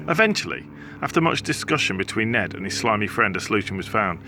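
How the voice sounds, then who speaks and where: Teacher, man, children's story read-aloud; bright, animated, playful with sound effects. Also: a little high, normal speed, gravelly, a little hiss or hum. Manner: playful, acts out sound effects, jokes with listeners.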